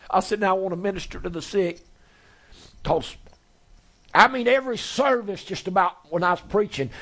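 A male preacher, telling a story in a sermon in a folksy way that swells into shouting. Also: high voice, slightly rough.

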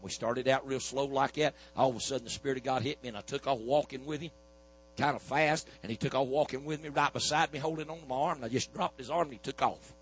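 A man's voice: medium pitch, steady tone, fast talker, husky, poor audio. A man preaching a sermon, telling a healing story in a folksy back-and-forth of "I said, he said". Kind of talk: sermon testimony.

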